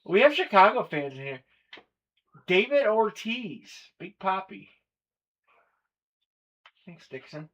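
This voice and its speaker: A man's voice: high voice, big pitch swings, slow, long pauses, fairly bright tone, dull audio. A man hosting a live collectibles stream, chatting casually and running through a list of players and teams. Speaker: stream host. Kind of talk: live breaking stream chat.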